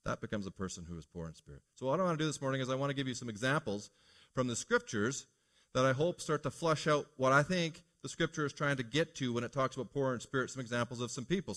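On a Sunday morning, a male pastor preaches a sermon in an earnest, preacherly manner, throwing rhetorical questions at the congregation and leaning on key phrases. His voice sits at an ordinary middle pitch for a man and has a fairly bright tone.

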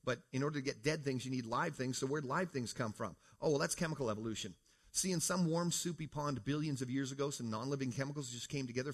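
A man's voice: mid-range voice, a bit bright. A man from Canada giving a talk in church, speaking casually and asking the audience questions. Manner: conversational, asks the audience questions, says "folks". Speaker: preacher. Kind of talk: creation apologetics talk to a congregation.

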